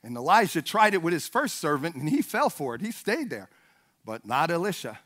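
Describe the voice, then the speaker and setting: A man preaching a sermon with fervent energy, rising to shouted peaks and acting out the voices of Bible figures. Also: fairly high pitch, very animated, brisk.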